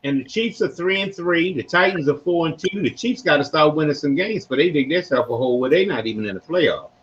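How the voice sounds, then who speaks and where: Older man, Baltimore accent, rambling slangy host, high-pitched, dull lo-fi sound. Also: a little fast. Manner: rambling, animated storytelling with slang. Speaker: podcast host. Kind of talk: casual sports talk. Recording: dull lo-fi recording.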